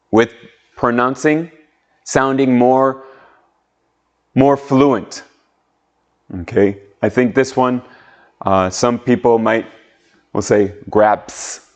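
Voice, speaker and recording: A man teaching an online English pronunciation lesson, patiently drawing out sounds and leading drills. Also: medium pitch. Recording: muffled lo-fi audio.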